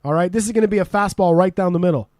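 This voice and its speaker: A man's voice: sits high, very fast, a little mellow, no room sound. A man from Canada hosting a casual podcast, laughing often and swearing freely as he quizzes his guest. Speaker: podcast host. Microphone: remote call.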